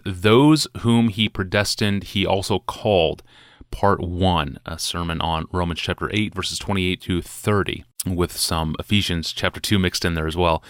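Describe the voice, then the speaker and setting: A man hosting a podcast, introducing a clip in a calm, measured way. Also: deep voice, clean tone, no room sound, clean studio sound. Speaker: podcast host.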